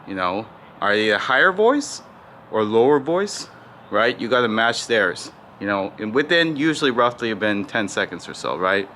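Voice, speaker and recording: A man teaching phone sales technique in a casual tutorial, talking in a mostly flat, unhurried tone and peppering his points with "right?" and "you know". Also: fairly low pitch, a little hiss or hum. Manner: calls his own default voice flat and slow, demonstrates tones. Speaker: sales coach.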